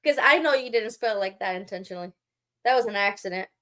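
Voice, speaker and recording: A woman's voice: mid-range voice, quick pace, a bit bright. A woman live-streaming, talking back to her chat in a sarcastic, mocking and scolding way. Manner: scolding, lecturing.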